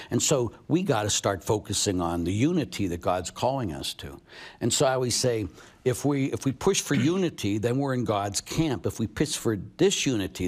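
A man's voice: lowish voice, a little mellow, husky. A man, a priest, answering audience questions and telling stories, acting out the people he quotes.

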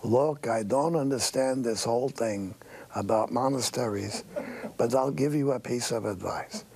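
Blunt old tailor with a gravelly voice, as an older man puts him on, matter-of-fact. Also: medium pitch, measured pace, a little mellow, natural voice. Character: old male tailor giving blunt advice.

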